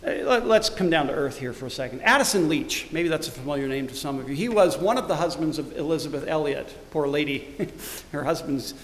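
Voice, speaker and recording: A middle-aged man, the church's pastor, preaching a sermon; he swells loudly on scripture verses and drops to quiet, conversational asides. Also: on the high side, expressive, brisk, echoey room, in a large hall. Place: church sanctuary.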